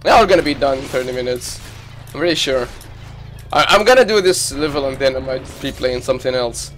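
A man streaming live gameplay, reacting with loud excited exclamations and swearing. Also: medium pitch, a little fast, a little hiss or hum. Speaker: gaming streamer.

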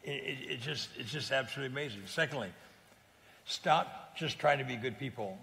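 A man's voice: mid-range voice, a little fast, gravelly, sharp tone, in a large hall. A man from California, a guest in a casual interview, telling stories in an earnest, plain-spoken way with frequent restarts. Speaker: guest evangelist.

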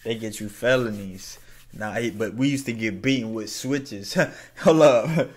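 A man hosting a reaction video, laughing often and repeating the lines he hears back in excitement. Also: on the low side, a little slow. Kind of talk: casual reaction commentary.

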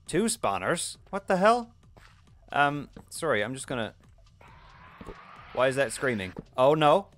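A man's voice: lowish voice, a bit bright. A man hosting a let's play video, talking through his game in a jokey, self-deprecating way and yelping at sudden surprises. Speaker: gaming video host.

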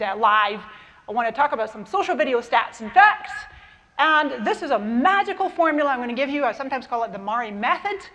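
A woman's voice: a little high, fairly bright tone. A middle-aged woman with a mixed Canadian and Scottish accent gives an enthusiastic, chatty keynote talk in a large conference hall on a lapel mic. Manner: enthusiastic, chatty, talks to the crowd.

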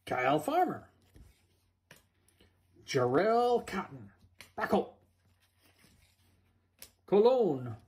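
A man reading out player names during a card box break, with playful asides. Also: a little high. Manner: slow, singsong name-calling with playful asides.

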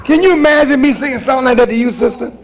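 High-voiced preacher, animated and comic. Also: male voice, very fast, heavy background noise. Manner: animated, humorous preaching with mimicry. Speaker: minister. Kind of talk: sermon. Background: congregation.

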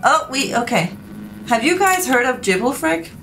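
A woman's voice: high-pitched, big pitch swings, moderate pace, fairly bright tone, faint music behind. A middle-aged woman, a game developer, chatting playfully and teasing her co-player during a gameplay session. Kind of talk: casual gameplay chat.

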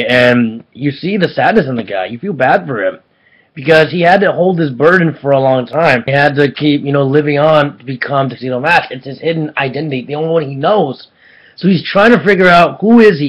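A man giving a casual anime episode review, excitable and rambling, often restarting his sentences. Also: medium pitch, rough recording.

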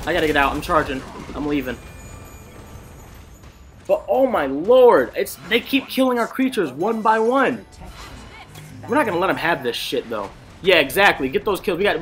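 A hyped male gameplay streamer with a high voice trash-talks and swears through excited live commentary, swinging between mutters and shouts. He's picked up by a desk mic at his gaming setup.

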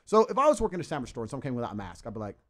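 A man ranting as a podcast guest in a forceful, profane, emphatic way. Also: mid-range voice, very animated, very fast. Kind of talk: ranting casual talk.

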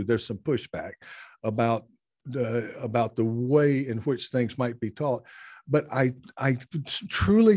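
A male podcast host muses aloud in an interview, pausing often to find his words. His voice sits at an ordinary pitch, and it is recorded dry with no room around it. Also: warm tone, no echo. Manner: hesitant, many uh fillers, thoughtful. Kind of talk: conversational interview. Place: Tokyo.

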